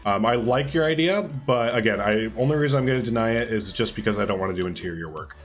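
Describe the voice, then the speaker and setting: Chill guy streamer rambling to his chat while he builds, laughs a lot, quiet music in the back. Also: medium pitch, fast. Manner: rambling, laid-back, laughs often, answers chat messages. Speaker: live streamer. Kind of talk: casual chat with viewers while building a game park.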